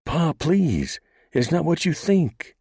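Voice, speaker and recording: A man voicing a frantic young woman who cries out high and pleading to her father in an audiobook western. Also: sing-song, slow, dark tone, husky, dry recording, clean studio sound, full character voice. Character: frantic young woman, outlaw lawman's daughter.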